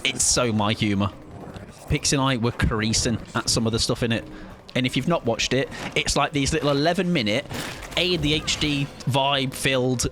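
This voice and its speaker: A man's voice: medium pitch, fairly bright tone, slight background noise. A man streaming a game live, chatting with his viewers in a casual, jokey way. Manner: chatty, jokey, reads chat aloud. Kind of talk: casual live-stream chat while gaming.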